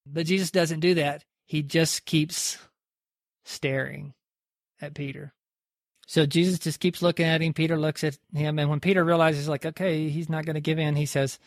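A man's voice: fairly high pitch, fairly even intonation, moderate pace, no echo, studio quality. A man preaching by retelling a story in a loose, conversational way. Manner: conversational, lots of "like" and restarts. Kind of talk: sermon storytelling.

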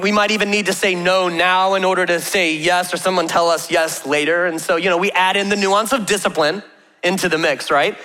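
A man in his thirties preaches in a casual, joking way, his high voice ringing out through a large church auditorium. He tells stories and fires off rhetorical questions with a bright, forceful tone. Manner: chatty storytelling with humor and rhetorical questions. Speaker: pastor. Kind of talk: conversational sermon. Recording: long reverb of a large hall.

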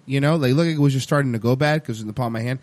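A man's voice: mid-range voice, rapid-fire. A man telling a story in casual chat, swearing freely and acting out what he said. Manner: animated, swears freely, quotes himself.

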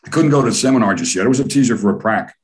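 Very fast and medium-pitched, the older American guest in this casual storytelling interview tells long stories, rambling, swearing freely, and staying animated throughout.

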